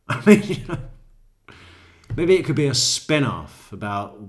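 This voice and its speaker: A man's voice: mid-range voice, sing-song, a little slow. A man hosting a true crime commentary, joking, laughing often, and stammering through repeated words. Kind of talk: casual commentary.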